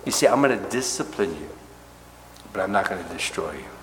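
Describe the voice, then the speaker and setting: A man preaching an expository sermon as a pastor. He talks conversationally, often checking in with "right?" and "okay?", and drops to soft, hushed tones on tender points. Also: sits low, expressive, fairly quick. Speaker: pastor teaching a Bible study. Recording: roomy hall reverb with faint background noise.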